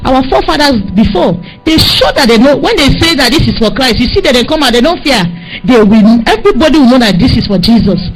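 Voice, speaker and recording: A woman's voice: sits high, animated, quick pace, poor audio. A woman with a Nigerian accent preaching a sermon, scolding and exhorting her listeners with insistent repetition.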